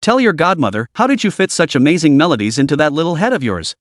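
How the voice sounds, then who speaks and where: A man's voice: a little high, sing-song, quick pace, no room sound, clean studio sound. A man voicing a playful, teasing godmother in an audio story, with a giggly, theatrical way of talking.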